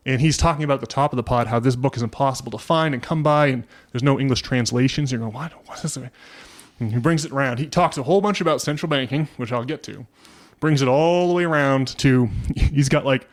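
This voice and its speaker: A man co-hosting a casual podcast, rambling through a story with lots of restarts. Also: medium pitch. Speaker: podcast co-host.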